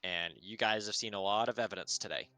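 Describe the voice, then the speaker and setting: A man's voice: lowish voice, quick pace, bright, forceful tone, faint music behind. Hesitant man narrating a tabletop game. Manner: hesitant, many fillers. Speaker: dungeon master.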